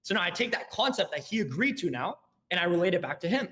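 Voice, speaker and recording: A young man, a guest on a casual podcast, explains sales tactics in a lively way and acts out both sides of a call. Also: high-pitched. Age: young adult. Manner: rapid, animated explaining, acting out both sides of calls.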